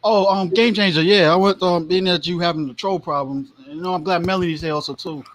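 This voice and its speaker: A man's voice: sits high, fairly even intonation, fairly quick, fairly bright tone, rough recording. A man on a livestream panel, talking in a laid-back, slangy way. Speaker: panel guest. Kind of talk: casual livestream panel talk.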